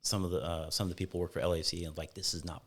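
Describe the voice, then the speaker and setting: A man with a very low, deep voice tells stories in a loose, rambling way, often restarting his sentences. He is a falconer from Fresno, California, chatting on a casual podcast. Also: flat delivery, rapid-fire, a little hiss or hum. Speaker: guest falconer.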